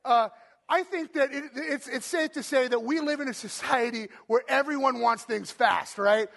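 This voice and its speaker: A man hosting a game on stage for a church audience, then speaking to them. He is energetic and playful, shouting cheers and countdowns and tossing in jokes. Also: extremely high pitch, moderate pace, gravelly. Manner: playful, joking asides. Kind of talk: live stage talk to an audience.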